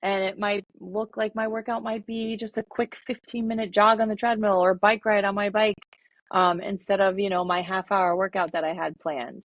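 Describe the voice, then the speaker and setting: A woman co-hosting a podcast, talking in a relaxed, rambling way with lots of fillers. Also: mid-range voice, normal speed, no room sound, muffled recording. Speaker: podcast co-host. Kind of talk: casual podcast chat.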